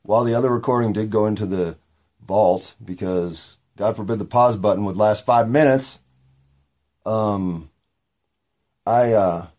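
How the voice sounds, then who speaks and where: A man with a gravelly voice hosting a podcast, talking in a candid, meandering solo monologue with occasional swearing. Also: fairly low pitch, measured pace, long pauses, darkish tone. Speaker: podcast host.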